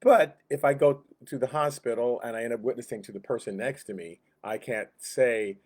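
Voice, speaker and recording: A man's voice: fairly low pitch, animated, fairly quick, darkish tone. A man teaching a Sunday school Bible class in a casual, conversational way, chuckling often and acting out quoted lines.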